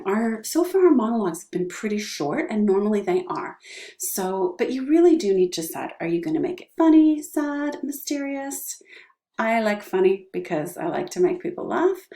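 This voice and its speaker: A woman's voice: mid-range voice, mellow, roomy sound. A middle-aged woman teaching drama, upbeat and encouraging, who checks in with her students often. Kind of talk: online class lesson with vocal warm-ups.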